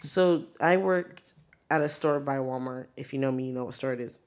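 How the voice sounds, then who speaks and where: A young woman co-hosting a podcast tells stories in casual chat, swearing a lot and animatedly acting out what people said. She speaks at normal speed in a bass voice.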